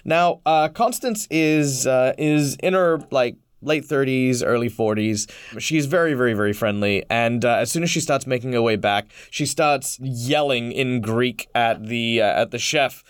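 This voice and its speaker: An Australian man running a tabletop role-playing game as game master, narrating in a halting way with many fillers. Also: mid-range voice, clear, resonant tone, no echo, studio quality.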